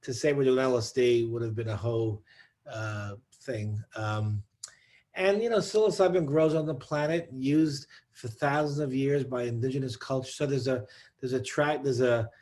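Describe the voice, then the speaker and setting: Man on a discussion panel, thoughtful, restarts often, mid-pitched voice. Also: darkish tone. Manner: thoughtful, halting, many restarts. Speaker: psychedelic researcher.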